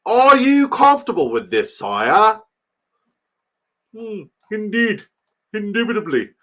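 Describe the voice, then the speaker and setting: A man voicing a pompous English gentleman in a fussy, lofty put-on English accent. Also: big pitch swings, slow pace, heavily acted. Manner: fussy, lofty, high-pitched.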